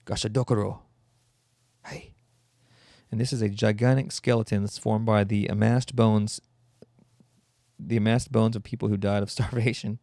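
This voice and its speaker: A man's voice: on the low side, level tone, normal speed, a little mellow, no room sound, clean studio sound. A man hosting a solo comedy podcast, rambling and mocking in a sarcastic tone. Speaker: podcast host.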